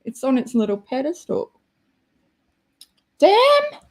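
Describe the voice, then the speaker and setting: A woman's voice: mid-range voice, expressive, measured pace, a little mellow. A young Australian woman hosting a casual livestream, chatty and self-deprecating as she reacts to her chat. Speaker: livestream host.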